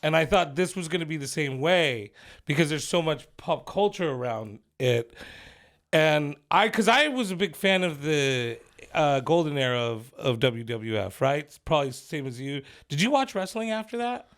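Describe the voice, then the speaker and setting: A man's voice: fairly high pitch, lively intonation, moderate pace, a bit bright. A man co-hosting a casual podcast, laid-back and profane, saying "dude" and "bro" a lot. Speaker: podcast co-host.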